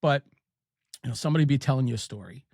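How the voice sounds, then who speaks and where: A man's voice: mid-range voice, a little mellow, dry recording. Male podcast host, Ohio accent, easygoing storyteller, dry close sound. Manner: chatty, storytelling, quick asides and laughs. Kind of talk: casual podcast chat.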